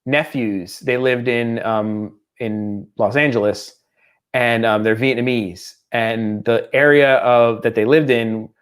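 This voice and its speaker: Middle-aged guy cohosting a podcast, mid-pitch voice, rambling friendly stories. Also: takes it slowly, clean tone. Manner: animated storyteller, slips into mock accents. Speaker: podcast co-host. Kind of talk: casual chat.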